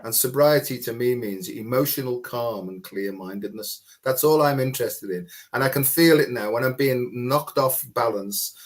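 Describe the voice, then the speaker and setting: A man in candid conversation, his speech looping and frank, full of asides and "you know". He speaks at a middle pitch with an ordinary, conversational delivery. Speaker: guest.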